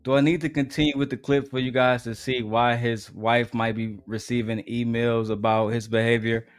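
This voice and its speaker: A man hosting a commentary stream, pausing clips to make teasing, sarcastic asides to his viewers. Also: medium pitch, flat delivery, smooth, dry recording, clean studio sound, faint music behind.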